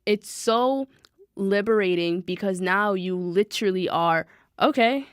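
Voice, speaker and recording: Podcast host: young woman, lively and talkative, dry close sound, mid pitch. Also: a little slow, smooth, no echo. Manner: animated, chatty, repeats phrases, addresses listeners as "y'all". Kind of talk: casual motivational monologue.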